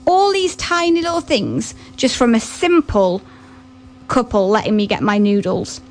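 A woman's voice: a little high, sing-song, a little slow. A young woman presenting on the radio, chatting casually and a bit flustered, often laughing at herself. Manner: chatty, giggly, self-deprecating.

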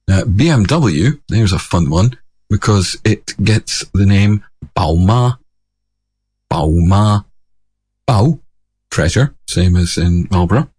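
A man with a deep, husky voice talks slowly through an explanation. His delivery is measured and relaxed, with dry asides and the odd self-correction. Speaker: language explainer. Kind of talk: casual explanatory talk.

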